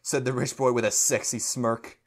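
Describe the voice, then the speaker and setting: A man's voice: mid-range voice, flat delivery, moderate pace. A man podcast co-host reads fan fiction aloud in a mid-range voice, tripping over clumsy sentences and fighting back laughter. The delivery is a mock-serious comic reading. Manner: stumbling, breaking into laughter while reading.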